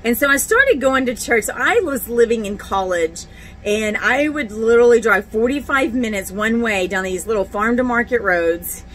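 A woman's voice: a little high, lively intonation, normal speed, fairly bright tone, slight background noise, low-quality recording. A middle-aged woman, telling her faith testimony in a chatty, candid way with many fillers and restarts. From Texas. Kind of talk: casual personal testimony.

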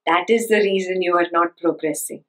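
A woman's voice: on the low side, steady tone, moderate pace, fairly bright tone, low-quality recording. A woman giving a spiritual teaching talk, who stresses and repeats her key points and keeps checking that listeners follow with rhetorical questions.

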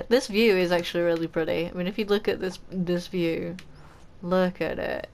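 A woman, chatty and excitable, giving let's play commentary as a gaming channel host. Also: on the low side, normal speed.

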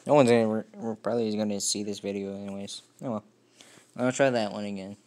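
A man's voice: on the low side, steady tone, fast talker, darkish tone. Rambling, self-deprecating young-sounding vlogger guy. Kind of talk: casual video monologue.

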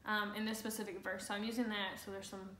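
A woman's voice: mid-range voice, little pitch movement, quick pace, sharp tone. A woman co-hosting a casual talk on the Bible, chatty and full of fillers and restarts. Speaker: co-host. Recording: echoey room.

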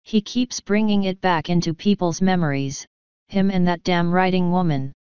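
A woman's voice: fairly low pitch, moderate pace, a little mellow, clean tone, no room sound, natural voice. A woman reading the part of a fretful, resentful spinster, speaking in a petulant, complaining way. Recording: dull lo-fi sound.

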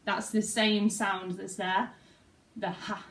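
Young woman teaching dance at home, slow pace, talks the beats out loud, roomy sound. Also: mid-range voice, little pitch movement, distant mic, slight background noise. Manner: counts and scats the moves aloud. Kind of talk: talking through a dance routine. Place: top-floor flat.

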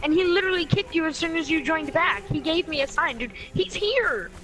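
Woman gamer, high voice, excitable banter, clear music bed. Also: rough recording. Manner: excited, joking, quick to react. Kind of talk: casual gaming voice chat.

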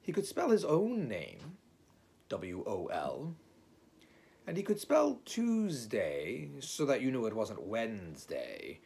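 A man narrating a children's storybook aloud in an unhurried, expressive way. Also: medium pitch, creaky, slightly rough. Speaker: audiobook reader.

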